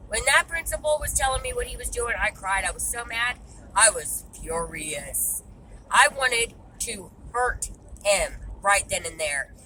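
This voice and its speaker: A woman's voice: a little high, animated, unhurried, background noise. A woman, venting to camera in a blunt, exasperated way and swearing freely. She sounds frustrated. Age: 30s. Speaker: vlogger and mother.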